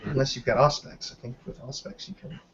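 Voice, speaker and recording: A man's voice: medium pitch, brisk, husky. A man playing a tabletop role-playing game, counting his dice rolls aloud and swearing casually as he describes his character's moves. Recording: dull lo-fi recording.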